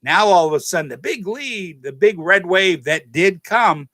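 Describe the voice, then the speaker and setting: A man's voice: high voice, lively intonation, normal speed, a bit bright, dry recording. A man hosting his own channel, talking straight to viewers in a rambling, emphatic monologue that repeats points and corrects itself mid-sentence. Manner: addresses viewers directly as "folks". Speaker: channel host. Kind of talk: casual political and religious monologue to camera.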